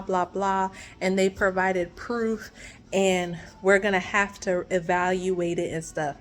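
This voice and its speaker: A woman chatting casually to her viewers about a story, animated and laughing often, recorded in her car. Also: mid-range voice, slow pace, low-quality recording. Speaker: vlogger telling a story. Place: in her car, then outside by a garage.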